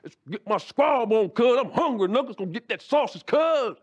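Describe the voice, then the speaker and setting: A man voicing a brash young male gangbanger shouting street slang in a high, loud voice. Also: expressive, moderate pace. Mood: aggressive.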